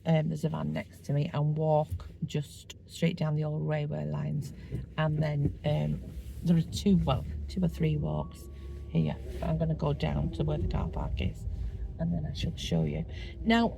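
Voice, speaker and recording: A woman's voice: low-pitched, creaky, mellow, slight background noise, poor audio. A middle-aged woman chatting casually in a walking vlog, rambling like a tour guide with lots of ums and easy asides. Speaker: vlogger showing a walking spot.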